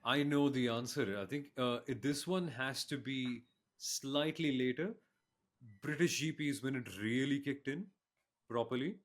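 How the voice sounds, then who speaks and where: A man's voice: medium pitch, a little slow. A man with a mid-range voice chats on a podcast. He works through his views in long, thoughtful explanations. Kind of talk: casual podcast chat.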